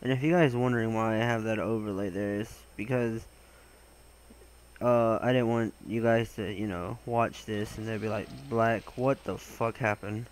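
A young man giving gaming commentary, excitable and swearing, with loud exclamations and a voice that cracks. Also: fairly low pitch, normal speed, smooth, poor audio. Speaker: gaming channel host.

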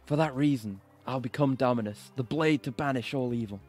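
A man's voice: mid-range voice, fairly quick, a little mellow, faint music behind, close to an everyday voice. A man voicing a solemn, devoted young woman warrior as he reads game dialogue aloud on stream, in a cool, earnest, formal manner. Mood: resolute.

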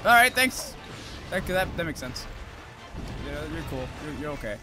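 A young man streaming a game, just woken up, swearing and yelling at the monster with sudden whoops. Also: a little high, sing-song, normal speed, loud music behind the voice. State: just woke up, groggy. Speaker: gaming streamer. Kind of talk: live gameplay commentary.

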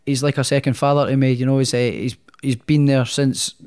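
A man's voice: medium pitch, level tone, brisk, darkish tone, smooth. Chatty man telling stories. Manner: chatty, rambling, many restarts. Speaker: guest, professional boxer. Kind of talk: casual storytelling in a podcast interview.

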